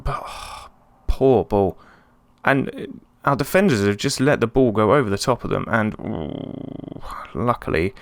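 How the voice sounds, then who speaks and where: A man talks through his football management game in a relaxed, chatty way, breaking into excited yelps when something happens. His voice sits low with a gravelly edge. The sound is dry and close, with no room around it. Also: no echo. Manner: excitable, chatty, swings between calm and yelps. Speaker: let's play host. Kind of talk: casual gameplay commentary.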